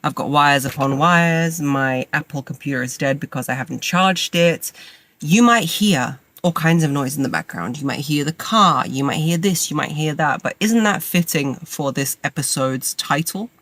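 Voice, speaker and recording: Sitting low and a bit bright at normal speed, this woman's voice has no echo. In her thirties and nursing a cold, she hosts a podcast from a parked car using a makeshift mic, rambling chattily and poking fun at herself in a casual monologue to listeners.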